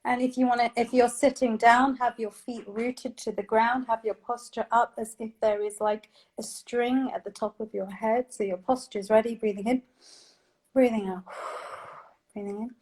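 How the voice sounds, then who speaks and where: A woman's voice: on the high side, fairly even intonation, moderate pace, a little mellow. A woman vocal coach guiding listeners through breathing exercises, encouraging and instructive, laughing often.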